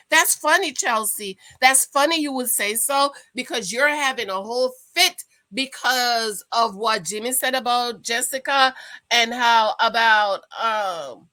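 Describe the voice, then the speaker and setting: A gossipy, excitable woman talking at home, her voice bright and forward and sitting a little high. She chats straight to her viewers like a girlfriend, rushing through the recap with plenty of asides. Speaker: YouTube host reviewing a reality dating show. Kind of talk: casual chatty recap to camera. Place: at home indoors.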